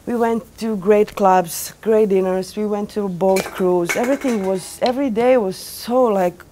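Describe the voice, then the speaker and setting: A young woman DJ telling her story to an audience in animated, non-native English with small grammar slips, lots of fillers and restarts. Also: medium pitch, a little slow, hardly any pauses, a little hiss or hum. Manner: animated, acts out quoted dialogue. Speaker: DJ giving a lecture.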